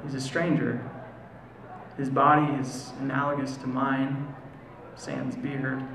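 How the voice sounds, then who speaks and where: An American man performing a spoken word poem at a live event, with a measured, deliberate delivery and slow, lingering pauses. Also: mid-range voice, flat delivery, creaky. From United States. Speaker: poet. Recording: echoey room, faint ambient noise.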